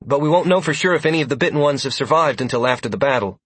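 A male narrator plays a weary male warlock in this audiobook. He sounds tired, with a slightly husky tone. The read is dry and close to the mic. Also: on the high side, animated, racing, dry recording, pitched above the performer's own voice. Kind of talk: audiobook character voice.

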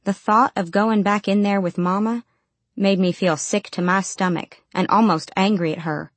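A woman narrating first-person fiction in a measured, steady storytelling manner. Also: medium pitch, no echo. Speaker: audiobook narrator.

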